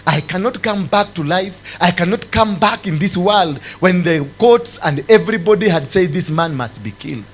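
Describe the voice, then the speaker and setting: Fervent preacher man. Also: low-quality recording. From Kenya. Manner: fervent, swings from loud exclamations to low intense tones. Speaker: apostle preaching. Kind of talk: sermon.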